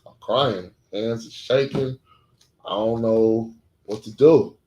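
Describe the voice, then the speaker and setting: A man's voice: mid-range voice, slow, darkish tone. A man on a podcast telling a personal story in a blunt, profane, emotional way, using short clipped sentences. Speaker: podcast co-host. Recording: echoey room.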